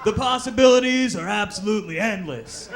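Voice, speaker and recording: A man putting on a pushy male gym salesman who stretches out every word of his sales pitch. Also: fairly quick, background noise.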